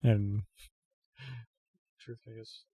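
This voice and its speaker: A man narrating a tabletop role-playing game as game master, quietly voicing the characters in an unhurried way. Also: on the low side, flat delivery, husky, no echo, highs cut off.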